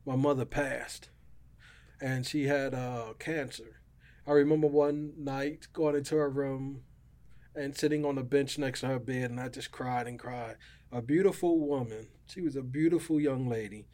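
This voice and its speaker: A man's voice: mid-range voice, steady tone, moderate pace, a little mellow. A middle-aged man telling his personal faith testimony as a podcast guest, in an earnest, emotional way.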